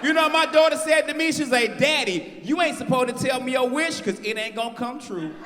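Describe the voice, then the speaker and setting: A man from North Carolina doing a stand-up comedy set, telling stories loudly and teasing the crowd. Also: extremely high pitch, brisk, noisy background. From North Carolina, USA. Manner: loud, animated storytelling, talking to the crowd. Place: stage of a live comedy show. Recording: echoey venue with long reverb.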